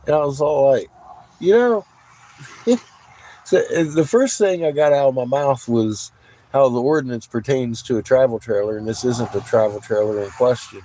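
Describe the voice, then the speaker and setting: A man's voice: medium pitch, breathy edge, rough recording. Profane, laughing man telling a story. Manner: profane, laughs often, animated retelling. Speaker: vlogger. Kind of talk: casual storytelling.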